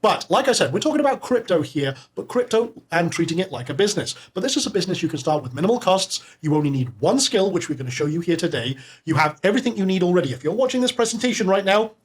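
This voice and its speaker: A man's voice: sits high, expressive, fast talker, hardly any pauses. Upbeat man hosting a sales webinar. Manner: upbeat, salesy, talks to live chat. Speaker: webinar host. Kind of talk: live sales webinar presentation.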